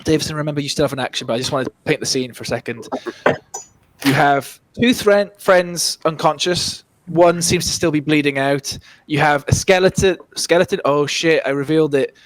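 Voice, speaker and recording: A man's voice: a little high, steady tone, a little fast. A man running a tabletop game as dungeon master, setting scenes in a chatty way and often restarting his phrases. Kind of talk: casual tabletop game narration.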